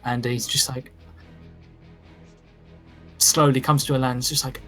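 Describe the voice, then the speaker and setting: A man running a tabletop game with easygoing narration. He talks at a medium pitch, fills pauses with "uh" and "like", and has soft background music behind him. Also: little pitch movement. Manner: casual, hesitant narration full of "uh" and "like". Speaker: game master.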